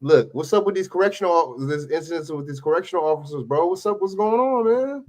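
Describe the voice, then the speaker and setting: A man co-hosting a casual chat, teasing his partner in a lively way and reading news items aloud. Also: a little high, fast. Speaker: co-host.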